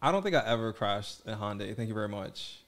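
Animated young man telling a story. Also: lowish voice, fast talker. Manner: animated storyteller, playful and defensive. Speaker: podcast co-host. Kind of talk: casual chat.

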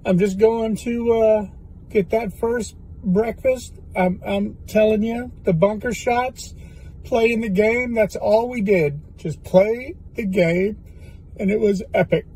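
A man's voice: high-pitched, steady tone, slow, a little mellow, husky, rough recording. A man, a golf caddie, giving a casual, effusive and emotional video message to fans.

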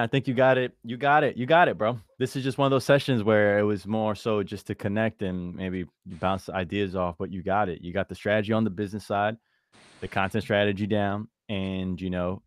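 A man's voice: lowish voice, steady tone, brisk, no room sound, clean studio sound. A man coaching on brand and content in a laid-back, encouraging way, calling the other person "bro" and "man". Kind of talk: casual coaching conversation.

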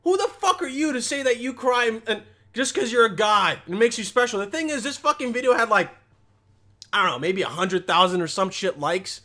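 Man, sarcastic ranting vlogger, bright edgy tone, high voice, profane and blunt. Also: a little fast. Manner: repeats "okay?" and "all right?" often. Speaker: commentary vlogger. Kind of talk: ranting reaction commentary.

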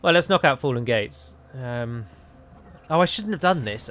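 A man's voice: medium pitch, expressive, normal speed, fairly bright tone, a little hiss or hum. A man with an English accent giving casual, wry, rambling commentary while playing a strategy game. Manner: chatty, wry, rambling asides. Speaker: gameplay commentator. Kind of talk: casual let's-play commentary.

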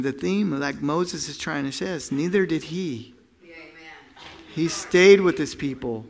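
A man pastor preaching a sermon, telling the story with acted-out voices and sound effects, swinging between loud bursts and hushed tones. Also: high-pitched, lively intonation, slow, gravelly.

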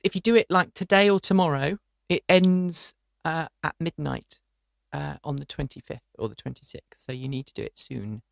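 A woman's voice: low voice, normal speed, creaky, dry recording, studio quality. A woman hosting a casual podcast chat, chatty and restarting her phrases often. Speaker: show host.

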